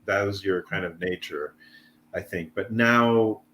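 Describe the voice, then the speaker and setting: A man's voice: deep voice, measured pace, a bit bright, a little hiss or hum. A man guest in casual chat, reflecting hesitantly on his habits and leaning on filler words. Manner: hesitant, many fillers and restarts.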